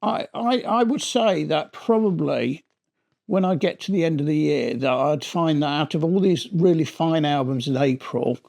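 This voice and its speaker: A man's voice: a little high, normal speed, gravelly, darkish tone. A middle-aged man giving a casual, rambling spoken review of a vinyl album, often restarting his sentences. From Britain.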